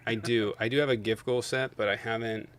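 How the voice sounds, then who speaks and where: A man's voice: mid-range voice, steady tone, brisk, clear, resonant tone. Angry swearing male streamer. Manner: angry, profane ranting; loud bursts while venting. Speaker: livestream host. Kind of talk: heated political debate stream.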